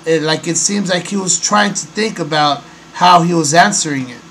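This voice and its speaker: A man's voice: a little high, moderate pace, a bit bright, a little hiss or hum, rough recording. A man hosting a casual monologue, rambling and hesitant with many fillers. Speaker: host.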